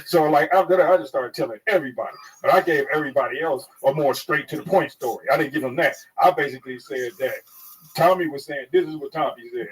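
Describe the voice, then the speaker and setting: A comedian telling a story in casual talk, crude and animated, acting out what others said. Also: male voice, on the high side, fast talker, slightly rough. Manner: animated, crude, acts out quotes. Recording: distant mic.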